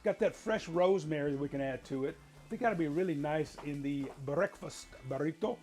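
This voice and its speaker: A man's voice: a little high, a little fast, darkish tone. Folksy man hosting a cooking show. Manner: folksy, chatty, addresses viewers directly. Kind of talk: casual cooking demonstration.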